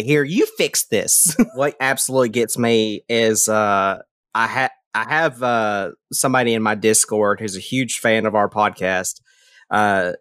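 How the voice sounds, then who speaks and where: A man's voice: on the low side, no room sound. Guy hosting a podcast, joking around all theatrical, dead dry sound. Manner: animated, jokey and mock-dramatic. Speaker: podcast host. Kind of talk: casual chat.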